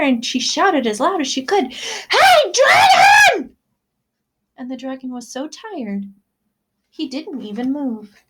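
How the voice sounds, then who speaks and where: A woman on a school's staff reading a picture book aloud to students, expressive and pausing to ask questions. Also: high voice, husky. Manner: expressive, asks listeners questions. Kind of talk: children's read-aloud storytime.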